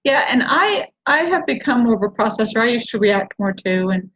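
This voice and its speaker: A woman's voice: a little high, animated, normal speed, fairly bright tone, muffled recording. A woman hosting a casual talk show, chatting in an encouraging way and laughing easily. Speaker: host.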